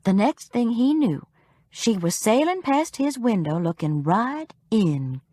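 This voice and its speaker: A woman's voice: on the high side, sing-song, slow pace, dark tone, no echo, clean studio sound. A woman narrating a cozy mystery audiobook in the first person, with a wry storytelling manner.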